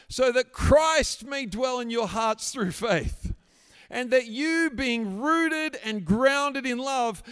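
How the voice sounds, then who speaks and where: A man preaching a sermon in a church hall, swinging from hushed prayer to emphatic shouting. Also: sits high, clear, resonant tone. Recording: echoey hall reverb.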